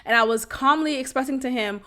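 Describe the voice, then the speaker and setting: A woman's voice: sits high, fairly quick, a bit bright. Blunt, laughing woman podcast host. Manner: casual and blunt, with slang and frequent laughs. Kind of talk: candid personal storytelling.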